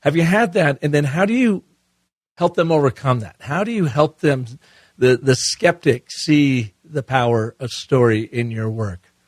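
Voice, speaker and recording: A man's voice: medium pitch, a little slow, no echo. Curious male podcast host. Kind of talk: interview questions.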